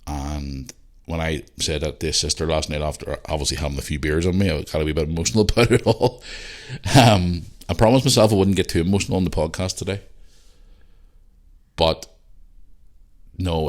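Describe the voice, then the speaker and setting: A Northern Irish man talks through a casual solo podcast in a very low, deep voice. He rambles, circles back to repeat himself and swears freely. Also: fast. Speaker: podcast host.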